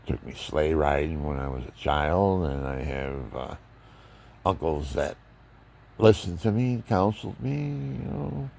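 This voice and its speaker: This older man has a very deep, gravelly voice and speaks a little slowly. Musing casually about faith and family, he rambles, preaches, and tells his stories with animation.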